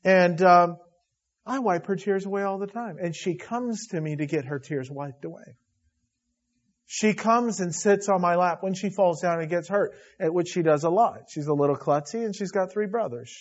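A middle-aged pastor delivers an emotional sermon, his voice pitched a little high and shifting from hushed tenderness to loud intensity. The recording sounds dull and lo-fi. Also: moderate pace.

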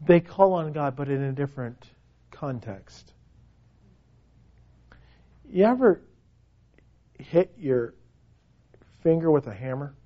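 A man delivers a sermon in an unhurried, high voice. He moves from hushed, drawn-out words to loud, ringing cries. The recording sounds muffled and lo-fi. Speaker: preacher.

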